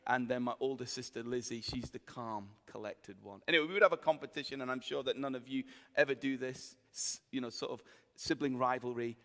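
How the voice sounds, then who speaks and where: Jokey Yorkshire preacher in a big hall. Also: male voice, medium pitch, fairly quick, a bit bright. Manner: chatty, jokey storytelling with the crowd. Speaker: pastor. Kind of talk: sermon. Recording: hall with long reverb.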